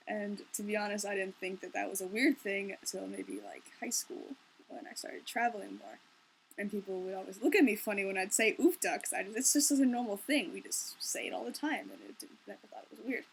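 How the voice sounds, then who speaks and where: A woman's voice: medium pitch, a little fast, slightly rough. A young woman from Minnesota chatting casually in a vlog, with a wry, joking, easygoing manner. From Minnesota, Twin Cities area. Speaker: vlogger. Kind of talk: casual unscripted vlog chat.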